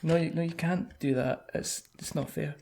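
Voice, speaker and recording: Host: Scottish man, playful teasing banter, quick to laugh. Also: fairly high pitch, steady tone, gravelly, mellow. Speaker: podcast host. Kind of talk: casual podcast chat.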